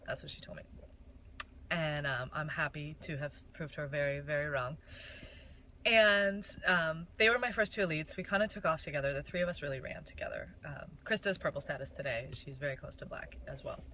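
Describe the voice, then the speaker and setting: A woman's voice: sits low, normal speed, sharp tone, slight background noise, low-quality recording. Chatty, candid young woman from Michigan. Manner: chatty, candid, with frequent fillers. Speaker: network marketing seller. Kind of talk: casual personal story.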